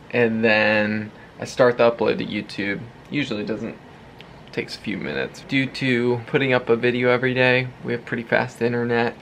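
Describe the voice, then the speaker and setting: A man's voice: medium pitch, creaky, a bit bright, a little hiss or hum. A man in his thirties talking casually to the camera in his home office, chatty and laughing often. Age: 30s. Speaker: vlogger. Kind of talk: casual vlog talk. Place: home, third-floor office. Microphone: handheld camera.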